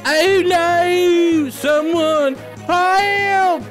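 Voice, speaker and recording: A man reading game dialogue aloud, voicing a fussy old male merchant who pleads in a high, squealing voice. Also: big pitch swings, measured pace, music in the background, full character voice. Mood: panicked.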